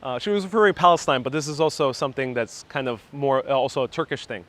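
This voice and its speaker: A man from New York City in his thirties, livestreaming a walking tour outdoors on a wireless lapel mic and telling childhood stories in a casual, animated way. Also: medium pitch, quick pace. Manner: animated storyteller, reads viewer comments aloud. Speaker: vlogger giving a live walking tour. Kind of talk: casual live-stream storytelling.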